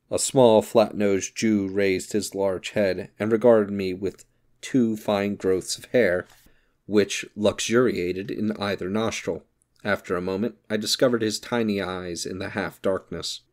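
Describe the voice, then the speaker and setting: A man narrating a novel as an audiobook, reading in a steady, measured way. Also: on the low side. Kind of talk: scripted narration.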